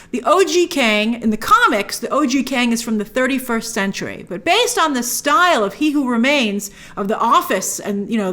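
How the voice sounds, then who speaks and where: A woman hosting a film review show, talking casually to camera with excitable, gushing bursts. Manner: excitable, gushing with sudden high exclamations.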